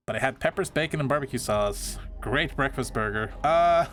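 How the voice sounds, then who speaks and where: A man's voice: medium pitch, expressive, moderate pace, fairly bright tone, a little hiss or hum. A man casually chatting and rambling while streaming a video game, often restarting his sentences. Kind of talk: casual live game commentary.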